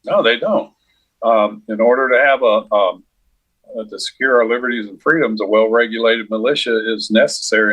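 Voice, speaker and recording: A man co-hosting a political podcast, speaking in a measured way with many fillers. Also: mid-range voice, expressive, fairly bright tone, breathy edge, low-quality recording. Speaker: podcast co-host.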